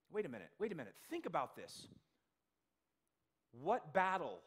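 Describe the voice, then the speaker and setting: A man's voice: fairly high pitch, wildly swooping pitch, moderate pace, long pauses, breathy edge. A male pastor delivering a sermon in a conversational way, asking the congregation questions and acting out the voices he quotes. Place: church sanctuary.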